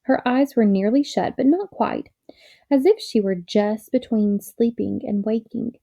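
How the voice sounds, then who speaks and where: A woman reading a children's novel aloud in a gentle, measured storytelling manner. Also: a little high, creaky. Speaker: reader.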